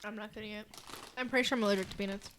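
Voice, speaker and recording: A woman's voice: medium pitch, racing, a little hiss or hum. A young woman co-hosting a podcast, chatting casually and explaining things with lots of filler words. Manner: relaxed, explaining with many fillers. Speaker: podcast co-host. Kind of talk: casual chat.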